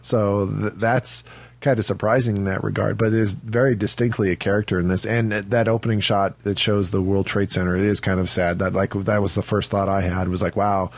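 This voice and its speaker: A man's voice: on the low side, little pitch movement, a little fast. A man on a film podcast giving strong opinions, emphatic and stumbling over his words as he builds a point. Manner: opinionated, emphatic, repeats words when starting. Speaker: podcast co-host. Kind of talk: casual film discussion.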